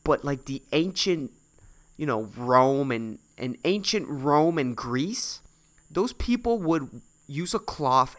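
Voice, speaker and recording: Profane young man ranting, very animated. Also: fairly high pitch. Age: 20s. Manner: profane, exasperated ranting with lots of fillers. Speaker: podcast host. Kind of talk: solo comedic rant.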